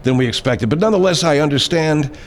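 A man's voice: a little high, animated, fast talker, slight background noise. A man hosting a comedy radio segment, needling his guest with dry, mock-serious remarks. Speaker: radio host.

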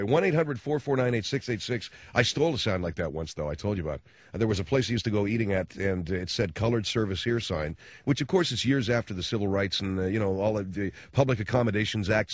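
A man's voice: lowish voice, no room sound. A man talking as a radio host, telling rambling stories in slangy casual chat. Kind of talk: casual storytelling monologue. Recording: dull dry radio studio sound.

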